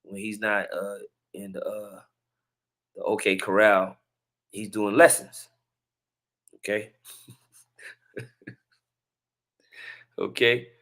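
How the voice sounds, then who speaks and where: A man's voice: lowish voice, little pitch movement, slow pace, long pauses, a bit bright. A man hosting a casual religious commentary, chatty and preachy, with chuckling asides between clips.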